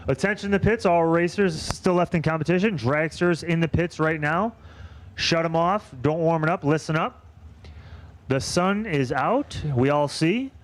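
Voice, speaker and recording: A man calling drag races and making track announcements, brisk and dryly teasing his co-announcer. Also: a little high. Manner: brisk, dry, teasing banter. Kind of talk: race commentary and track announcements.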